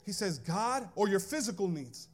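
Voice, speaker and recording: A man preaching a sermon in church, moving between chatty asides to the congregation and sing-song, shouted cadences. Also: sits high, big pitch swings, normal speed, soft background music. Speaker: pastor.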